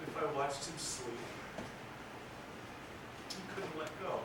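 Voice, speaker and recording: A young actor as a grief-stricken young man speaking a stage monologue in a high voice and slow, halting phrases. His lines break into repetitions and swell toward shouting. He is heard from far off in an echoey theatre with noise underneath. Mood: tender, grieving.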